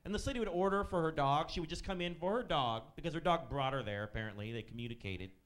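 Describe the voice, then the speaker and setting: A man's voice: on the high side, expressive, fast talker, fairly bright tone. A man in his thirties performing a stand-up set on a comedy club stage, telling profane, sardonic stories about waiting tables. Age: 30s.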